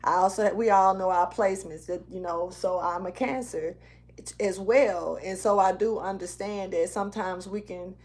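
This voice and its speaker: A woman's voice: medium pitch, fairly even intonation, moderate pace, darkish tone. A woman doing a casual tarot reading for her channel, loose and slangy, rambling and sometimes half-rapping as she walks around indoors. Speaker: tarot reader. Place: indoors, moving around the room.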